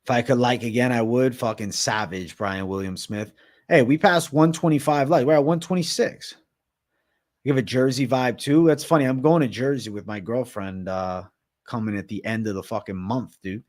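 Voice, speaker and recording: Speaking at medium pitch and normal speed, this young livestream host from Massachusetts keeps things loose, reads viewers' comments aloud, and swears nonstop.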